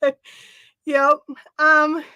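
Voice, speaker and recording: A woman's voice: sits high, completely flat delivery, slow pace, sharp tone, dry recording. An Australian woman hosting a casual live craft chat, chatty and easily amused, a little out of breath. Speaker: craft livestream host.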